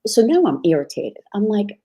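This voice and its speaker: A woman's voice: mid-range voice, big pitch swings, normal speed, warm tone, slightly rough. A woman guest, an aunt, telling a personal story on a podcast in a candid, exasperated way. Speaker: guest, aunt of a former cult member.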